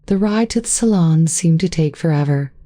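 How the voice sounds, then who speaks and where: Steady low-voiced woman narrating a story. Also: moderate pace, dry recording, studio quality, soft background music.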